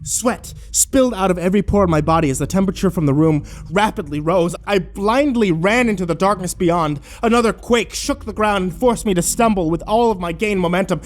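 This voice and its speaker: A man narrating a horror story in first person, dramatic and tense, building suspense. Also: high-pitched.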